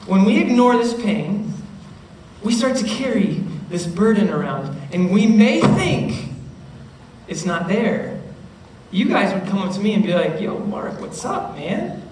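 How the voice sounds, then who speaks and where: A young man giving an animated youth talk to middle schoolers, often checking in with his listeners and acting out their voices. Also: high voice, slow pace. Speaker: youth speaker. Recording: roomy, distant mic with faint noise.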